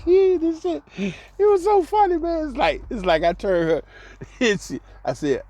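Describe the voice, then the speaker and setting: A man telling a personal story in a casual monologue, laughing often and dropping to soft low tones, repeating words for emphasis. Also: sing-song, a little slow. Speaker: host.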